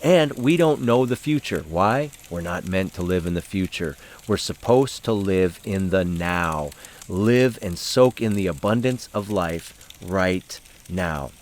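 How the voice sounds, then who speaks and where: A man hosting a casual devotional talk, telling a story with fillers, then slowing down and softening to make reflective points. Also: sits low, animated. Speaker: host and Bible study leader.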